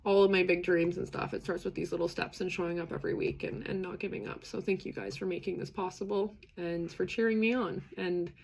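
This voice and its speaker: Young canadian woman rambling on her live stream, earnest, kinda emotional, low and a bit gravelly. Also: fairly even intonation, fairly quick, hardly any pauses, a little mellow, slight background noise. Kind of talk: casual live chat with viewers.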